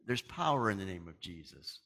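A man's voice: deep voice, sing-song, brisk, sharp tone. A middle-aged man from Canada, a pastor talking to his congregation in a chatty, folksy way, chuckling often. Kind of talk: casual sermon announcements and storytelling.

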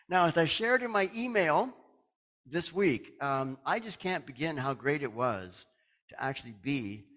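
A man's voice: fairly high pitch, big pitch swings, slow pace, long pauses, a bit bright. A middle-aged man from Canada, a pastor talking to his congregation in a chatty, folksy way, chuckling often. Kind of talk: casual sermon announcements and storytelling.

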